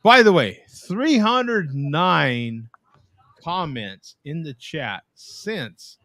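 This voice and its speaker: A man's voice: a little high, expressive, extremely slow, a bit bright, dry recording, studio quality. A man hosting a live web show from a video call, chatting casually and explaining things to his viewers. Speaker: host.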